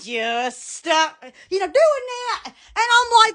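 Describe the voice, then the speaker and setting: A woman's voice: extremely high pitch, huge pitch swings, slow pace, hardly any pauses, pushed and bright. A woman hosting a casual live stream from her phone at home, gushing, laughing often and exclaiming over and over. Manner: repeated exclamations. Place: indoors at home.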